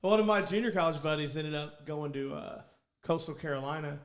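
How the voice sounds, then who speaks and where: Guy in his 40s rambling thru a story on a podcast, kinda high voice, keeps restarting. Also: brisk. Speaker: podcast co-host. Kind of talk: casual storytelling chat.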